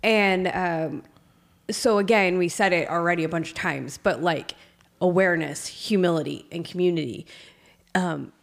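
Woman co-host, lowish voice with gravel, quick to agree. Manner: chimes in often with quick agreement. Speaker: podcast co-host. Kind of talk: casual faith podcast chat.

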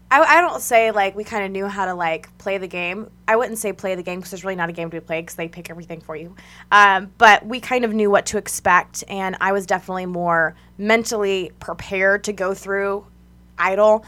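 A young woman chats as a radio guest, telling her story with lots of laughter and acted-out quotes. Her voice sits at an ordinary middle pitch, and her delivery is loose and conversational. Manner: animated, laughing, acts out quotes. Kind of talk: casual storytelling chat.

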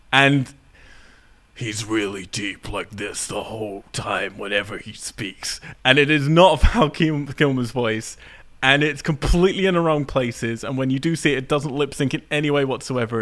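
A man co-hosting a casual podcast who rants about a film with animated, laughing criticism. He is from the United Kingdom. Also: medium pitch. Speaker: podcast co-host.

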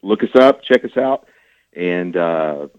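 A man with a very low voice calls in to a radio show, folksy and eager as he talks up his products. The sound is thin and tinny like a phone line, and it stays dry with no room echo. He speaks in a relaxed, homespun way with plenty of filler words. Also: takes it slowly, clear, resonant tone. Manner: folksy, enthusiastic salesman talk. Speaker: radio guest, cooler business owner. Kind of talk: casual phone-in chat.

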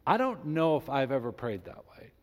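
A man preaching a sermon as a pastor, reading scripture aloud with emphasis and animated delivery. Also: medium pitch, normal speed. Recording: long reverb in a large hall.

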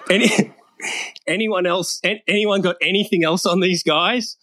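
A man's voice: sits high, slow, pushed and bright, no echo. A man delivering a crude, brash comedy roast monologue, mocking and profane.

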